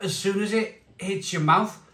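Man, beer reviewer, bright forceful voice, rambling excited talk, echoey room. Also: sits high, a little slow, recorded from a distance. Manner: excitable, rambling, bursts of shouting. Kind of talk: enthusiastic tasting vlog.

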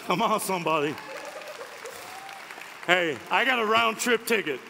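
A man's voice: high-pitched, lively intonation, unhurried, gravelly, sharp tone, a faint crowd, slight background noise. A man preaching a sermon, fervent and emphatic, in a large conference hall. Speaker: pastor.

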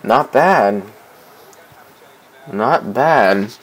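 A young man talks through his soccer video game at an unhurried pace, mid-pitched and casual. He gets excitable, repeating himself as he pleads with teammates for the ball. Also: husky, poor audio. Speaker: gameplay commentator. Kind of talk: casual let's-play commentary.

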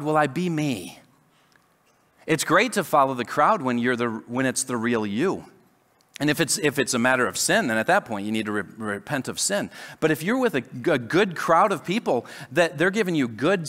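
A male pastor delivering a lively sermon in a reverberant church hall. His voice sits fairly high and swings widely in pitch. He talks in a conversational way, restarting phrases and acting out quotes. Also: moderate pace. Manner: animated, conversational preaching with many restarts and acted-out quotes. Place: church sanctuary.

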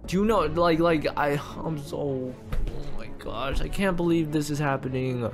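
A young man narrating his own Minecraft role-play, excitable and quick to exclaim, repeating himself as he reacts. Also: fairly high pitch, faint music behind.

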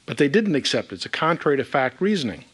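A man's voice: on the high side, big pitch swings, fast, a bit bright, slightly rough. A man giving a verse-by-verse Bible teaching, reading scripture aloud with emphatic asides.

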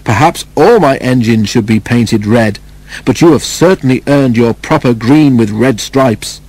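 A man's voice: medium pitch, measured pace, a little mellow, rough recording. A man voicing a kindly, portly railway boss who speaks genially and reassuringly. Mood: proud.

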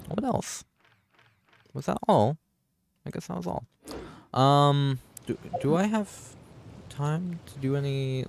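A young man streaming a game live, muttering to himself and cursing loudly at enemies. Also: medium pitch, vocal fry, slight background noise. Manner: swears a lot, yells at enemies. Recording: game music behind voice.

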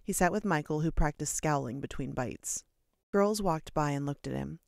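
An audiobook reader narrating a short story in a steady, measured way. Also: mid-range voice, vocal fry, dry recording, clean studio sound. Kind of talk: storybook narration read aloud.

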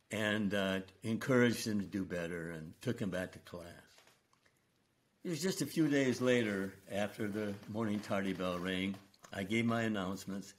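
An older man, a retired school principal, telling stories from his career in an earnest, unhurried way during an interview. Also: lowish voice. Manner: slow, earnest storytelling with quoted dialogue. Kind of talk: storytelling interview.

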